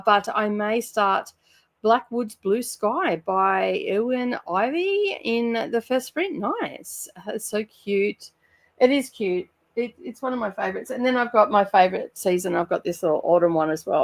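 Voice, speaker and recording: A woman from Australia with an Australian accent, chatting casually on her home livestream, greeting viewers and laughing often while sounding a little tired. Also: medium pitch. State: sluggish and tired. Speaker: channel host running a reading sprint livestream. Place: home room by her bookshelves.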